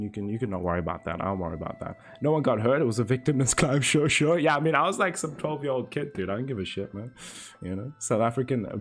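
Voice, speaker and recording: A man in his twenties chatting casually on a live stream, laid-back and swearing freely as he tells stories. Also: medium pitch. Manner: laid-back, swears a lot, spins stories with quick voice impressions. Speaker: game streamer.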